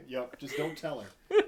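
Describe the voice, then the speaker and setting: A man in his thirties, a podcast guest, chatting casually in a rambling, animated way and laughing often. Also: on the high side, takes it slowly, a crowd in the background. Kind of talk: casual chat.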